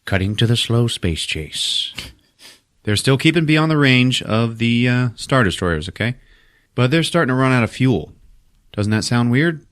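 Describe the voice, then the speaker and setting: A man casually recapping a movie for a podcast, swearing, laughing and acting out the characters in quick voices. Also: medium pitch, animated, fairly bright tone. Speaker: podcast host recapping a film.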